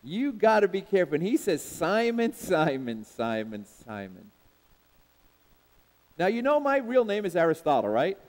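A man's voice: high-pitched, sing-song, fast talker, few pauses, darkish tone. A man preaching a sermon with emphatic, repeated refrains, calling out to the congregation for responses. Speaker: pastor. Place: church sanctuary. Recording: long hall reverb in a church.

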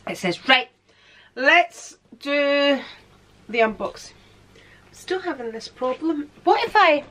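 A woman's voice: sits high, sharp tone, slight background noise. A woman vlogging casually to camera in her room at home, chatting, laughing often and sometimes talking with food in her mouth.

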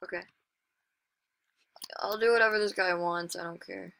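Commentating on her own online play as the channel's host, this woman speaks fairly quickly in a creaky voice on the low side. She is excitable and chatty, bursting into sudden exclamations and poking fun at herself.

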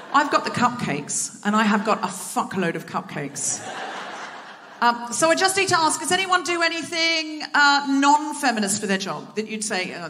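With a high, bright and forceful voice, a woman hosts a comedy podcast live on a theatre stage, teasing the audience and herself. Clicking noise runs through the live theatre recording.

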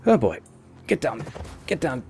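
A young man giving lively let's-play commentary, exclaiming and laughing often as he plays a shooter game. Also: medium pitch, measured pace, creaky. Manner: excitable, frequent exclamations and laughs. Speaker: gamer. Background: game music and gunfire.

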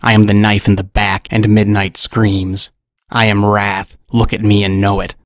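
A man putting on a furious, vengeful male lion with a gravelly, low voice that barely rises or falls. He growls his threats in a gruff, menacing way, close and dry, like a storybook villain. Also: flat delivery, normal speed, no echo, lightly acted.

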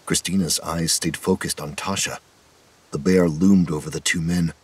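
A man narrating a horror story in a measured, dramatic manner. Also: sits low, steady tone, breathy edge.

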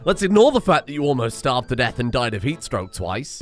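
Over soft background music, a man with a West Country English accent gives a jokey, casual let's-play commentary, swearing freely. His medium-pitched voice swings widely in pitch and moves a little fast.

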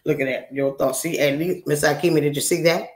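A woman's voice: sits low, steady tone, brisk, very noisy. Brash, profane woman in her sixties. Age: 60s. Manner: brash, profane, teasing scolding. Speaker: livestreamer. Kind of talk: casual live-stream chat with viewers. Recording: roomy echo.

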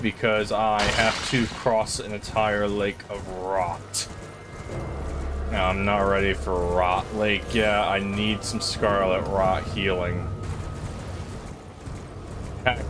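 A young man giving casual, rambling commentary as he plays a video game, talking to himself with sudden excited outbursts. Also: on the low side. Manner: chatty, rambling, self-talk with excited outbursts. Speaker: gaming channel host. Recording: game music playing behind. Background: game music.

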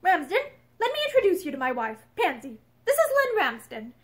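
A woman's voice: very high voice, wildly swooping pitch, brisk, exaggerated voice. A woman reading aloud, voicing an irritable husband in curt, impatient lines.

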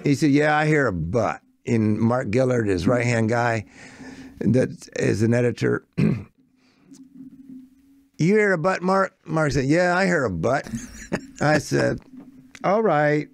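A man's voice: mid-range voice, slow pace, creaky, long pauses. An older American man, a songwriter, telling a long anecdote in casual conversation, quoting the people in it. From United States. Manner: animated anecdote, quoting others in shifting voices. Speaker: songwriter guest. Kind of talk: casual storytelling.

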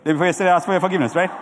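A middle-aged man preaching a sermon as a pastor, animated and calling on the congregation to answer back. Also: high-pitched, a little hiss or hum. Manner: animated preaching with audience call-and-response. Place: church hall. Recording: church hall with long reverb.

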